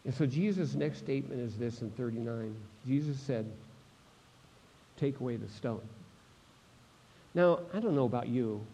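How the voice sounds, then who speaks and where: A man preaching a sermon, swinging between loud proclamations and hushed moments, asking the congregation direct questions. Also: mid-range voice, lively intonation, brisk, few pauses, breathy edge. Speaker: pastor.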